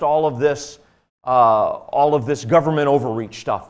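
Earnest male preacher, mid-pitched, storytelling sermon. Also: a little slow, clear, resonant tone. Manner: earnest, conversational preaching with frequent fillers.

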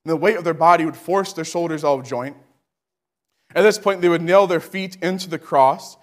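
A man preaching a sermon with fervent delivery that climbs to shouting. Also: a little high, moderate pace.

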